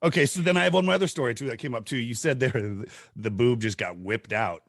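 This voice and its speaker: A middle-aged man hosting a podcast, telling stories in a casual, animated way and laughing often. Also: fast talker, no echo, studio quality. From Southern California. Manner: animated, laughs often, acts out quotes in high voices. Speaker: podcast host. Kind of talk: casual storytelling chat.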